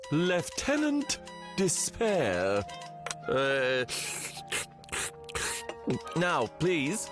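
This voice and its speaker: A man's voice: fairly high pitch, heavily acted. A man voicing a moody, misunderstood cartoon inventor creature who talks theatrically, swinging between pompous and desperate. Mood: dreamy. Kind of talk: animated cartoon dub. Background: background music.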